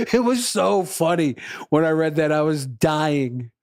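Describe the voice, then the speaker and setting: A man's voice: on the high side, a little mellow, no echo, clean studio sound. A male musician chatting casually with his livestream viewers, rambling, laughing often and swearing freely.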